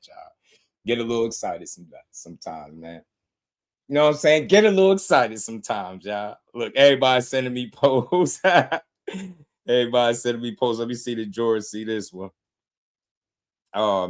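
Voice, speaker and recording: A man's voice: mid-range voice, moderate pace. Hyped man on a boxing livestream. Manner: animated, laughing, swings from shouting to muttering. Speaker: boxing podcast host. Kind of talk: excited livestream boxing talk.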